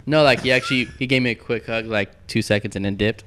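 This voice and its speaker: A man chatting casually as a podcast guest, telling animated stories and acting out quotes. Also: lowish voice, fast talker, slight background noise. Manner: animated storyteller, acts out quotes. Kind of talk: casual chat.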